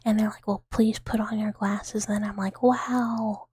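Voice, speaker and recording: A young adult woman streamer in a whispered ASMR chat, rambling playfully in soft unvoiced whispers and giggling. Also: mid-range voice, little pitch movement, unhurried, slightly rough, dry recording.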